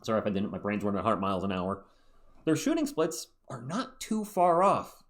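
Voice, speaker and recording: A man hosting a sports channel, talking through basketball opinions in a chatty, animated way with quick asides. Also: lowish voice. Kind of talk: solo sports commentary video.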